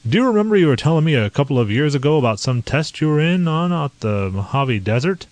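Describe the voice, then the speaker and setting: A man's voice: on the high side, sing-song, darkish tone, dry recording, pitched above the performer's own voice. Captain Lacey, a man doing a hearty naval officer. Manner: hearty, quick, exclamatory. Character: bluff male naval captain, hearty and excitable.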